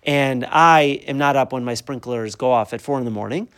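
A man's voice: mid-range voice, moderate pace, fairly bright tone, clean tone. A middle-aged man teaching a weekly Torah class in a conversational way, asking rhetorical questions and mixing in Hebrew and Yiddish terms.

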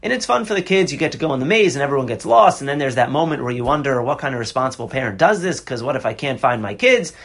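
A man's voice: mid-range voice, animated, fast, hardly any pauses, fairly bright tone, breathy edge. A man in his thirties teaching a Torah class on a psalm, earnest and conversational with bursts of passion.

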